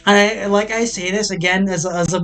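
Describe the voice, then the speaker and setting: A man's voice: sits high, fairly even intonation, a little fast, a bit bright. A man streaming a casual chat, rambling and joking with many restarts and frequent laughs, from the southern United States.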